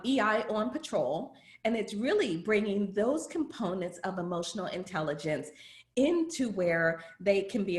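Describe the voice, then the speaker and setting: A woman's voice: medium pitch, echoey room. A woman guest, a leadership trainer, explaining her program in an interview and asking rhetorical questions. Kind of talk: interview answers.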